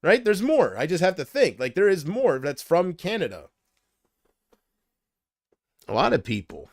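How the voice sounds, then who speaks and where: A man's voice: sits high, big pitch swings, a little slow, no echo, studio quality. Rambling man chatting on a livestream. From United States. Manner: rambling, unsure, drifting between thoughts. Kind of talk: casual livestream chat reading viewer comments.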